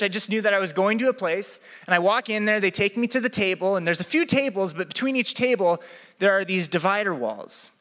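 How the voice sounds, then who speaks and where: A man preaching a sermon, telling a comic personal story with lively energy. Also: high voice. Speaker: pastor. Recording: echoey hall.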